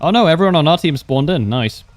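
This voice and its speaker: A man's voice: a little high, expressive, quick pace, no room sound, faint music behind. A young man livestreaming a game, chatting casually with wry humor, laughing often and answering viewers' questions. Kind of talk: casual gameplay commentary.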